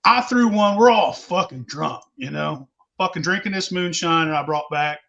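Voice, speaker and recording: High, bright-voiced rowdy storyteller man. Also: moderate pace, gravelly, muffled recording. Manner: rowdy, swears constantly, laughs mid-story. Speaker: podcast host telling stories. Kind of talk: casual profane storytelling.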